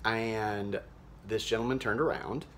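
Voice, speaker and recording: A man playing a cheerful, naive small-town mom, talking in a folksy, rambling way with many fillers in a deadpan comedic monologue. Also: on the low side, a little slow, slight background noise, lightly acted. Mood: chirpy. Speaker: social media show host character.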